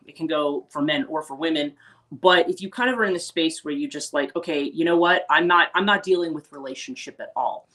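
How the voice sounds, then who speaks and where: A woman's voice: deep voice, a bit bright. A woman hosting a spiritual life coaching livestream, talking casually and rambling, with many restarts and acted-out quotes. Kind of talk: casual unscripted livestream talk.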